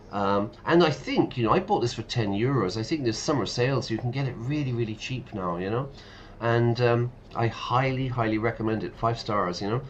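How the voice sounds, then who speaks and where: This English teacher, a man with a fairly low voice, chats casually while playing a game on stream, breaking down slang terms and laughing a lot. A little hiss or hum sits under the recording.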